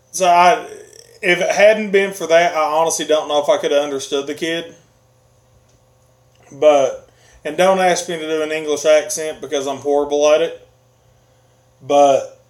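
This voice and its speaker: Male streamer, slightly high pitch, unhurried casual delivery, laughs often while reading comments. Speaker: livestream host reading chat. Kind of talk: casual live-stream chat.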